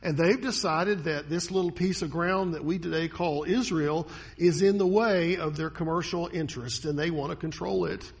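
Husky, high-voiced preacher man. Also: moderate pace. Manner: dramatic, swings between loud and hushed. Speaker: pastor. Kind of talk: sermon.

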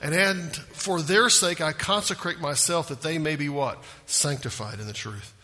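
A man's voice: fairly high pitch, normal speed, sharp tone, big-room sound. A man preaching a sermon, earnest and emphatic, asking rhetorical questions. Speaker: pastor.

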